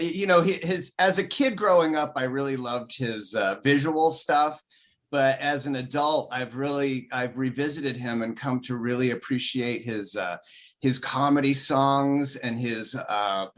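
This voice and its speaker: A man, a comedian guest, chatting casually over a video call, halting with many ums and uhs. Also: medium pitch, a bit bright. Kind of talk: casual interview chat.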